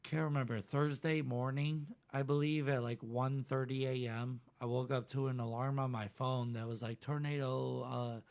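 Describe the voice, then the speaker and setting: A man's voice: medium pitch, level tone, normal speed, hardly any pauses, darkish tone. A young man hosts a casual podcast chat in a laid-back way, at times reading news reports aloud. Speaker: podcast host.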